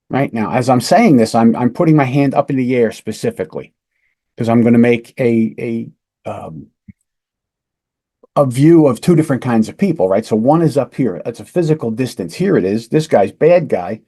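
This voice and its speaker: A man's voice: mid-range voice, animated, moderate pace, mellow. A man, a police lieutenant hosting a podcast, telling a case story to teach an interview technique, conversational and emphatic. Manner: conversational, emphatic, asks "right?". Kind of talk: instructional storytelling.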